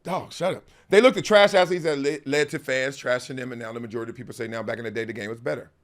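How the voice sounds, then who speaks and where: Talking fast in a mid-range voice, a middle-aged man hosts a talk show with an animated monologue. He's emphatic and slangy, laughing often and ridiculing others through put-on quotations.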